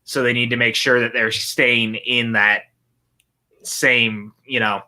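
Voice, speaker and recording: A man's voice: medium pitch, little pitch movement, slow pace, sharp tone. A man co-hosting a casual movie watch-along stream, chatting and reading out viewer comments. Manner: chatty, reads viewer chat aloud. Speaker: podcast co-host.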